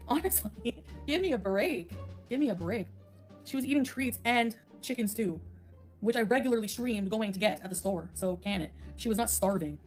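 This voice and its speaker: A woman's voice: fairly high pitch, darkish tone. A woman on a casual livestream, ranting bluntly and sarcastically and laughing often.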